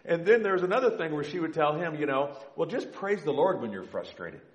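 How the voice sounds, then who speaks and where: A man's voice: on the high side, brisk, muffled recording. Conversational man preaching in a roomy church. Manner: conversational, animated when joking. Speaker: pastor. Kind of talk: sermon. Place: church sanctuary with stage lights.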